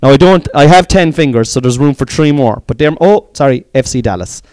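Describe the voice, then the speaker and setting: A man's voice: medium pitch, lively intonation, brisk, darkish tone. A middle-aged Irish man with a Cork accent, hosting a podcast in casual, rambling chat and swearing freely. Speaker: podcast host.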